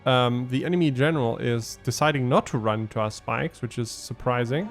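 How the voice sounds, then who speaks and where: A man's voice: medium pitch, normal speed, soft background music. A man giving casual gameplay commentary as a let's play host, thinking aloud and explaining his tactics with frequent ums.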